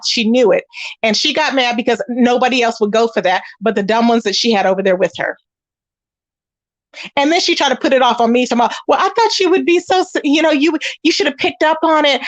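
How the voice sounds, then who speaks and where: A woman hosting a casual commentary channel, animated and sassy, talking straight to her listeners about online drama. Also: fairly high pitch, no room sound. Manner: animated and sassy, calls listeners y'all and baby.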